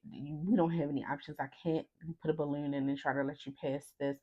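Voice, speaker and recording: A woman's voice: low voice, fairly even intonation, quick pace, a little mellow, lo-fi sound. A young woman vlogger emotionally retelling a personal story, acting out the lines of the people in it. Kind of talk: casual storytime vlog.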